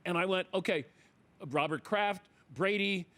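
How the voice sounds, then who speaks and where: Storytelling talk-show host, a man with a raised voice. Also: unhurried. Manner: acts out quotes, bursts into loud high exclamations. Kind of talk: animated storytelling in casual chat.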